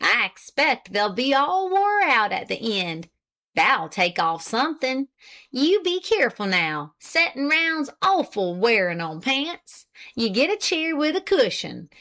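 A woman's voice: fairly high pitch, big pitch swings, measured pace, sharp tone, voice pushed up, full character voice. A woman voicing a thin, shrewish country wife who scolds her husband in a rustic dialect. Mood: scolding.

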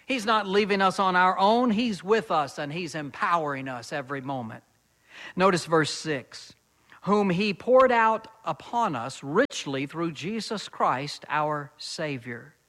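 A man preaching a sermon as pastor, reading scripture slowly and deliberately and growing louder and higher when stirred. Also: expressive.

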